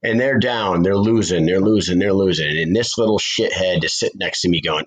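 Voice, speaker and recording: A man with a somewhat low voice tells a long story in a loose podcast chat. He swears freely and gets animated as he talks. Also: fairly quick, poor audio. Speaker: podcast co-host. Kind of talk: casual chat.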